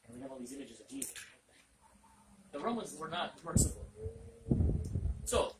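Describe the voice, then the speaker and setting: A man's voice: medium pitch, big pitch swings, moderate pace. A man preaching an interactive Bible lesson, asking listeners questions and repeating their answers back. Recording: echoey room, distant mic, loud noise.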